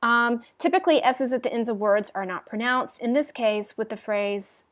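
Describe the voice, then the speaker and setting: A woman's voice: on the high side, moderate pace. A woman teaching a French class in a recorded lecture, patiently explaining with frequent ums and modelling the phrases aloud.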